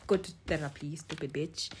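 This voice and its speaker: A young woman, hosting a podcast in frank, animated casual chat and swearing freely. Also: deep voice, slightly rough. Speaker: podcast host.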